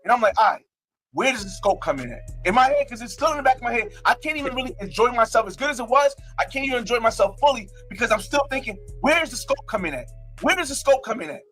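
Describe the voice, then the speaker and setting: A brash young man from North New Jersey tells a story at a quick clip, his voice sitting fairly high and a little husky. He repeats himself and acts out his own lines as a live streamer. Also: animated, fairly bright tone, faint music behind. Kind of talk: casual storytime.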